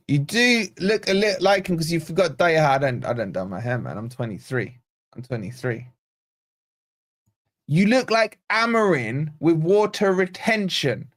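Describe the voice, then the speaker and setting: Lively, nervous male watch-along host. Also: fairly high pitch, measured pace, pauses often. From Scotland. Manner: animated, excitable, reads chat aloud. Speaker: fan channel host. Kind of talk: live football watch-along chat.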